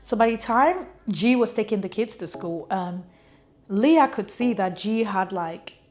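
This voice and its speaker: A woman's voice: medium pitch, lively intonation, a little slow, a little mellow. A woman recapping a thriller novel in a chatty way, full of "like" and acted-out quotes. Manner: chatty, fills speech with "like", acts out quotes. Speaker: book reviewer. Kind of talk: casual book recap.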